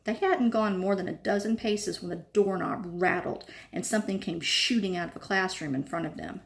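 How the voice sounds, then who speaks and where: A woman reading a novel aloud with lively storytelling. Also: on the low side, a little fast, creaky, few pauses. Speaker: reader.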